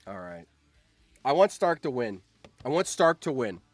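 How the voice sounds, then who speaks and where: A young man streaming, reacting to a game, excitable and swearing, with sudden shouts. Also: mid-range voice, moderate pace, dry recording, faint music behind.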